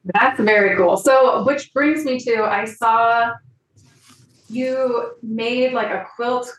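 A woman's voice: on the high side, takes it slowly. Woman host in an echoey room. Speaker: podcast host. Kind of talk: interview questions, casual chat.

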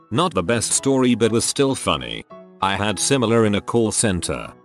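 A man reading internet stories aloud in a steady storytelling manner. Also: lowish voice. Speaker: narrator reading online stories. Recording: soft music underneath.

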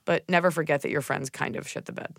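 A young woman co-hosting a podcast, chatting casually in a blunt, sarcastic way with quick asides. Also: low voice, steady tone, vocal fry, fairly bright tone, dry recording, studio quality. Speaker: podcast co-host. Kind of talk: casual chat.

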